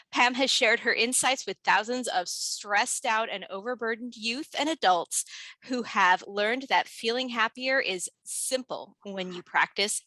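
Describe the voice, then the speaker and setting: A woman's voice: fairly high pitch, bright, forceful tone, no room sound. A woman hosting an event, introducing a speaker in a friendly, casual way with small joking asides.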